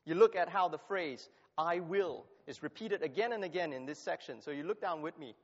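A man's voice: a little high, fairly quick. A man preaching a sermon and reading scripture aloud, stressing key phrases by repeating them. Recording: long hall reverb, dull lo-fi sound.

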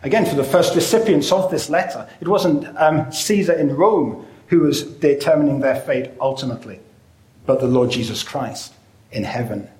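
A man preaching a sermon in a measured way, often pausing on "uh" and slowing down to stress key phrases. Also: fairly high pitch, darkish tone, reverberant, rough recording. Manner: measured, with frequent "uh" fillers and slowed emphatic phrases.

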